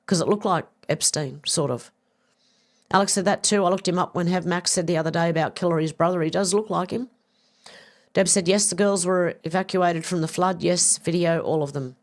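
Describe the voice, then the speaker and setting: A woman's voice: fairly low pitch, brisk. A middle-aged Australian woman hosting a livestream, reading viewer comments aloud in a chatty, casual way with some swearing. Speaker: livestream host reading chat. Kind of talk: casual chat.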